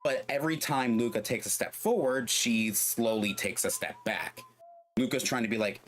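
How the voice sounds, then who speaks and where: During a game stream, a man casually rambles through a long tale, filling it with "like" and performing the characters' lines. He talks at normal speed in a medium pitch, with a little hiss or hum in the audio.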